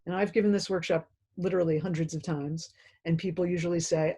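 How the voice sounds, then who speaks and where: A woman's voice: lowish voice, steady tone, fairly quick, warm tone, slightly rough. A woman training teachers in a self-paced video lesson, explaining in a direct, conversational way.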